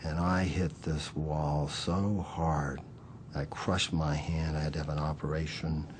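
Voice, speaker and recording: A man in a documentary interview, telling a memory intensely with slow emphasis. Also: extremely low pitch, little pitch movement, noisy background.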